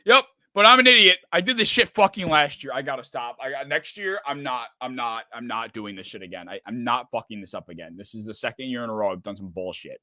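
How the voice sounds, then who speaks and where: A man's voice: mid-range voice, quick pace, few pauses, bright, forceful tone, no echo, clean studio sound. A man hosting a live sports reaction stream, rambling and swearing in frustration. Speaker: streamer host.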